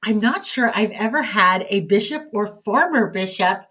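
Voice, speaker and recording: A woman's voice: mid-range voice, animated, moderate pace, bright, forceful tone, breathy edge. A woman hosting a podcast, chatting casually with a guest and running the sign-off in an upbeat way. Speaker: podcast host. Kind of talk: casual chat. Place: indoor room with a guest and small audience.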